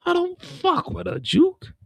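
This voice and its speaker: A man's voice: extremely high pitch, wildly swooping pitch, measured pace, creaky, a bit bright, dry recording, voice pushed up, full character voice. A man impersonating a sulking young male street hustler who mumbles, slurs like he is drunk and keeps whining a friend's name. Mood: whiny, agitated. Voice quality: slurred, mumbling, drunk-sounding. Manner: whiny, repeats "Juke" constantly.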